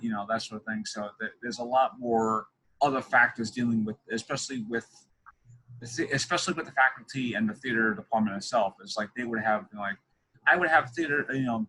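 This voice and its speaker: Young male podcast host, casual and rambling, bright tone, faint room hiss. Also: medium pitch, low-quality recording. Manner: rambling, many restarts and fillers. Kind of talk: casual interview chat.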